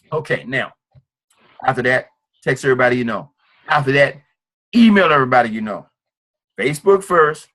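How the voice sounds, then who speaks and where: A man's voice: medium pitch, bright, forceful tone. A man giving a motivational sales presentation at a business meeting, emphatic and repetitive. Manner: emphatic and repetitive, preacher-like drive.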